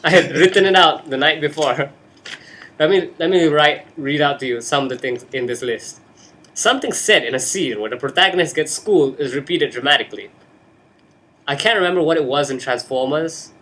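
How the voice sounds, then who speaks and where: Brisk and fairly bright, this young man's fairly high voice carries his casual webcam movie chat from his bedroom. He hosts in a hyper, joking manner and keeps breaking into goofy voices.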